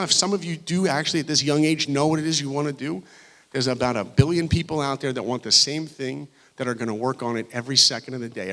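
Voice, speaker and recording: A man giving a motivational talk to high school students, telling his story with animation and acting out the dialogue. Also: fairly bright tone. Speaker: guest speaker. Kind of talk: motivational speech. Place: large school hall.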